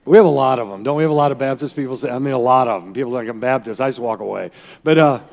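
A man preaches as a pastor in a folksy, rambling way, breaking off for asides to his listeners. His voice sits at a middle pitch. A long reverb from the hall trails behind his words. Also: very fast, gravelly. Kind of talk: sermon.

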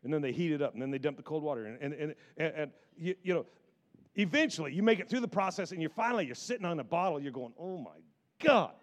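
A man preaching a sermon in an animated, repetitive style that builds in emphasis. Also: fairly high pitch, fast talker.

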